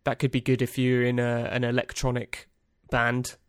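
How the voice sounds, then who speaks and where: A man's voice: mid-range voice, monotone, normal speed, clean tone, dry recording. A man hosting a podcast, reading out a list in a rambling, dry, self-amused way with lots of ums and uhs. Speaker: podcast host. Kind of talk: casual solo podcast monologue.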